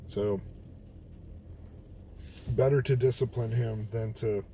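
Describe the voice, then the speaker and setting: Guy reading proverbs and talking it over in his car, mellow low-key voice, faint hum behind. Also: steady tone, takes it slowly, poor audio. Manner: plain, reflective, candid. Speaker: host of a daily Bible reading video. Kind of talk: Bible reading with casual reflection. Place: in a car on a rainy night.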